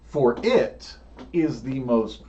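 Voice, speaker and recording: Slow-talking male game master. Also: mid-range voice, lively intonation, darkish tone, far from the mic. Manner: slow, unhurried narration, laughs often. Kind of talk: narrating a tabletop game. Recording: dull lo-fi sound, faint room noise.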